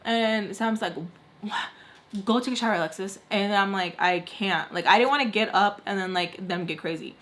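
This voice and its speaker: A woman's voice: medium pitch, normal speed, a bit bright. Chatty young woman telling a story. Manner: chatty, heavy use of "like", acts out quoted lines. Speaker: vlogger. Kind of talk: casual storytime.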